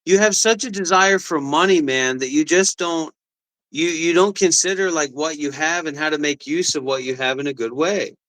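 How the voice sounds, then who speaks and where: A man's voice: on the high side, moderate pace, fairly bright tone, poor audio. A man co-hosting a livestream, ranting and mocking in casual chat. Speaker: livestream co-host.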